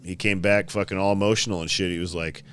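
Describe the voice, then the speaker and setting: This low-pitched, fast-talking man builds custom motorcycles and relates shop stories podcast-style, loose and profane, lively as he acts out his customers.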